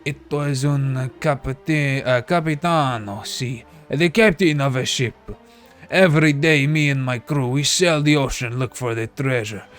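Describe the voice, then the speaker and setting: A man's voice: medium pitch, unhurried, a bit bright, faint music behind, close to an everyday voice. A man voicing an old Italian former sea captain, telling his tale in broken English with a put-on Italian accent. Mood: wistful.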